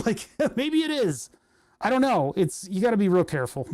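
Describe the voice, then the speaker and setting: This time the New Jersey livestreamer sounds very animated, his voice sitting high with a darkish tone at a normal speed. He tinkers with electronics on stream, rambling casually and chuckling as he thinks aloud.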